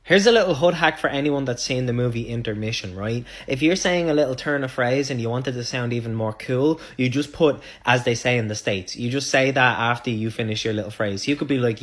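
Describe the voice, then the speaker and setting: A man's voice: medium pitch, fast talker, hardly any pauses. A young Irish man giving laid-back, mock-serious comic advice, swearing casually. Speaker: comedy sketch creator. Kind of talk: deadpan comic monologue.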